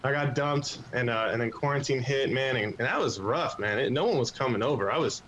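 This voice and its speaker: A man's voice: medium pitch, brisk, fairly bright tone, a little hiss or hum, rough recording. A man in his twenties doing a crude, self-mocking stand-up set at an open mic. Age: 20s. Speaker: stand-up comedian.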